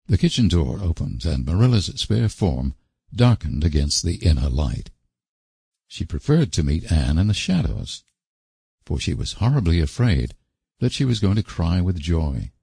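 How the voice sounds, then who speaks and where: A man narrating a classic novel as an audiobook, reading in a measured, expressive way. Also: deep voice, vocal fry, slightly rough, no echo.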